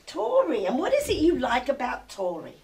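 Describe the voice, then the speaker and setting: A woman's voice: high-pitched, wildly swooping pitch, normal speed, a little mellow. An older woman from England hosting a TV show, chatting with a child guest in a gushing, doting, sing-song way. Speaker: TV show host. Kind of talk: casual chat with a child guest.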